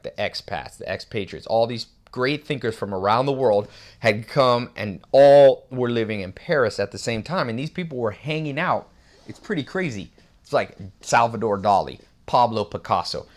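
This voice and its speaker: Man, low voice, rambling motivational monologue, emphatic bursts. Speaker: self-help host.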